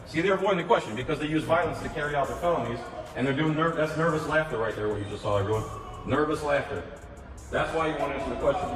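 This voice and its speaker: A combative man citing laws and court cases, his slightly high voice heard from a distance. His voice echoes through a large reverberant hall, with music clearly playing underneath. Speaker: citizen confronting officials. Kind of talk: confrontational self-filmed encounter. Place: county meeting room and hallway.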